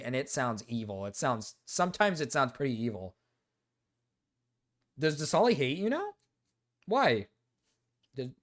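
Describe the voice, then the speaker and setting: A man talking to his livestream chat in a loose, casual way. His pitch swings widely and lively as he goes, and he curses freely and keeps circling back to the same phrases. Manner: animated, repeats himself, swears freely. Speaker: streamer reacting to chat.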